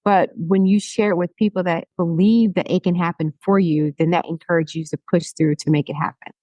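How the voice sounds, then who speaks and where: Earnest, low-voiced woman interview guest. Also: fairly even intonation, dark tone, no echo, lo-fi sound. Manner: earnest, measured and encouraging. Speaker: hairstylist guest. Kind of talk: casual interview chat.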